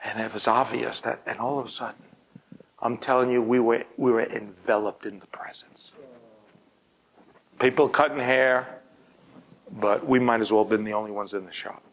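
A man preaching, telling a personal story and often dropping to a hushed, breathy near-whisper. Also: mid-range voice, fairly even intonation, moderate pace, pauses often, rough recording. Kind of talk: storytelling sermon.

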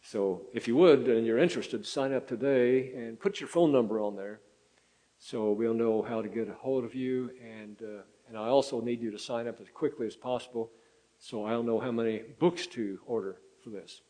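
Older man preaching, halting and folksy. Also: mid-range voice, dark tone, rough recording. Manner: folksy, halting, many fillers and restarts. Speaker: pastor. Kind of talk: sermon.

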